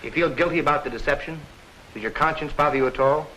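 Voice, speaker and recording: An actor playing a genial, courtly gentleman in 1940s film dialogue. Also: fairly high pitch, fast talker, slight background noise, rough recording.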